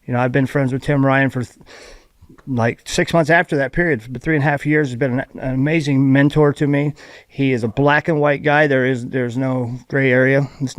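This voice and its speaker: A man from Ohio speaking as a podcast guest, telling his recovery story in a halting, heartfelt way with many restarts. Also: medium pitch, steady tone, no echo. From Ohio, USA. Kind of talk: candid personal recovery story.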